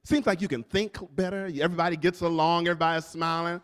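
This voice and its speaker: A man's voice: on the high side, steady tone, quick pace, a bit bright. A male pastor preaching a sermon, calling out to the congregation and repeating key lines for emphasis. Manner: preaching with call-outs to the congregation. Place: church sanctuary. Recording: long reverb from a church hall.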